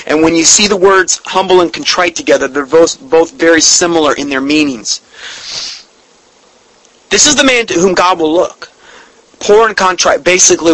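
A man preaching a sermon in an earnest, emphatic way, slowing down to read scripture and definitions, and openly emotional about his subject. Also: a little high, a bit bright, no room sound, rough recording.

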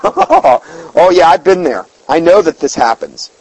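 A man's voice: on the high side, expressive, measured pace, vocal fry, a little mellow, dry recording, rough recording. A man preaching an informal sermon in a folksy, emphatic way, often repeating words and reading scripture aloud.

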